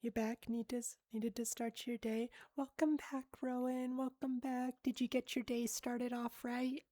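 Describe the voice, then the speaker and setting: Slow, chatty woman streamer. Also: a little high, level tone, dark tone, dry recording, studio quality. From United States. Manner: chatty, rambling, many fillers and giggles. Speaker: livestreamer reading chat. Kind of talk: casual livestream chat.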